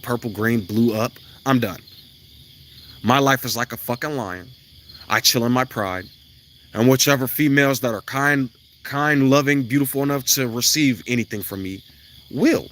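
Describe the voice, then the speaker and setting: Man, ranting monologue, profane and preachy, bright forceful voice, faint insects outside. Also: mid-range voice, a little hiss or hum. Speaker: self-styled spiritual vlogger. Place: outdoors near his house.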